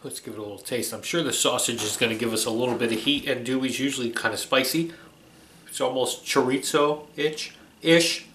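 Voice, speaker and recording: A man's voice: medium pitch, fairly quick, fairly bright tone, a little hiss or hum. A man hosting a home cooking vlog, chatting in an easygoing way and tasting his food as he talks. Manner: chatty and easygoing, keeps saying alrighty. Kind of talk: casual cooking vlog chat. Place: home kitchen. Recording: echoey kitchen room.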